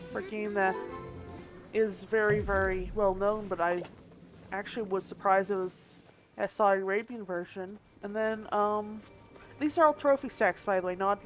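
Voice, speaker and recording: A woman game streamer chatting casually, thinking aloud and hedging as she goes, with the odd hiccup. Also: medium pitch. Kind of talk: casual live-stream chat.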